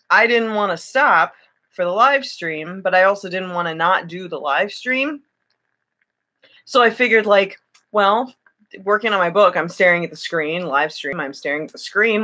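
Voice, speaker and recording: At night in a room at home, a young woman chats casually on a live stream, self-deprecating and slipping in and out of a put-on British lilt. Her voice is fairly low, sharp in tone, at a normal pace.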